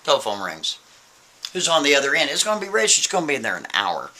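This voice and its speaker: A man telling a story in a casual, animated way, often turning to the listener with quick asides. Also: on the high side, noisy background.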